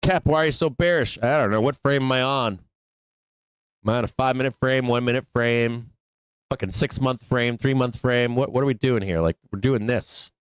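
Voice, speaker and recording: A man's voice: mid-range voice, brisk, clean tone, no echo. A man hosting a live stock trading stream, talking casually and profanely, laughing often and answering imagined viewer questions himself. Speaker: trading show host. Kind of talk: live market commentary stream.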